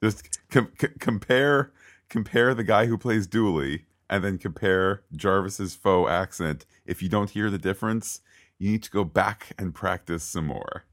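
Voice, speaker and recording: A man's voice: low voice, measured pace, fairly bright tone. A man co-hosting a podcast, chatting casually and ranting playfully about a TV episode. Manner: opinionated, ranting with playful asides. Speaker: podcast co-host.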